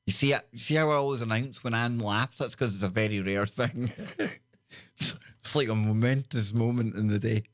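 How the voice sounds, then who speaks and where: A man's voice: medium pitch, moderate pace, a bit bright, no echo. A man with a Scottish accent hosting a live call-in radio show, joking with his listeners and greeting them one by one. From Scotland. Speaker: radio talk show host.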